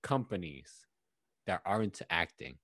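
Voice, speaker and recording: A man's voice: low voice, sing-song, measured pace, fairly bright tone, no room sound, studio quality. A man from the United States co-hosting a podcast in casual chat, rambling through joking guesses with laughter. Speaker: podcast co-host.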